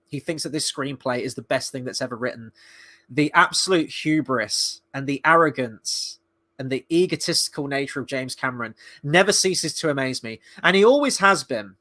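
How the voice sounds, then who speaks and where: A man's voice: medium pitch, pushed and bright. A man giving a blunt, exasperated film review in casual, sweary talk.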